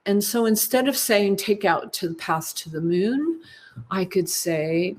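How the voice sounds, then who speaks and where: A woman in her fifties, a choral music clinician, leads a teaching session at a conference. She explains things in an unhurried way with a medium-pitched voice.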